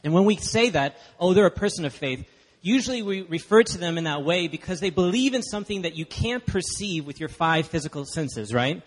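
Long reverb fills the church hall as a Dallas, Texas man delivers a sermon as guest preacher. His fairly high voice is expressive and brisk, and he's chatty and emphatic with the congregation.

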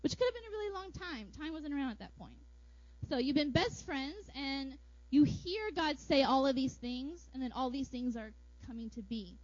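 A woman with a high voice preaches a sermon, playful and animated, slipping in jokes and little acted-out asides. The sound is dry and a little dull, with no room around it. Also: moderate pace, no room sound.

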